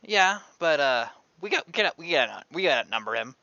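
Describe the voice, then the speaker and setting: A man playing a tabletop game, talking casually and haltingly with frequent restarts, on a dull lo-fi mic. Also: a little high, big pitch swings, creaky, bright, forceful tone, no echo. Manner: halting, stammers, laughs often. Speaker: player.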